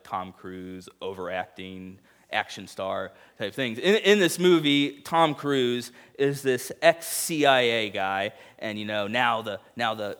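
A young adult man preaching a sermon, telling stories and acting out quoted lines with big jumps in his voice. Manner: animated storytelling, acts out quotes with big pitch jumps. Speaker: pastor.

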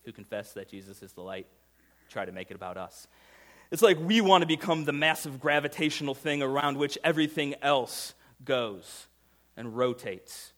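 A man delivers a sermon in a mid-pitched voice, neither high nor low. He talks straight to his listeners with plain questions. His delivery swings from loud, rising emphasis down to quiet, low intensity. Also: animated, normal speed. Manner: conversational, with rhetorical questions to listeners. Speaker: pastor.

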